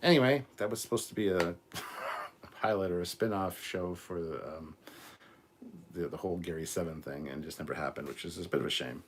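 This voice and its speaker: A man's voice: deep voice, brisk, a little hiss or hum. A man hosting a live stream, reading out chat comments in a casual, crude way with plenty of swearing. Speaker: host.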